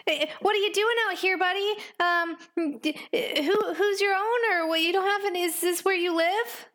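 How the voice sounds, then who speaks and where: A woman playing a tabletop role-playing game, talking in an excited, gushing way. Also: very high voice, normal speed. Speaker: player.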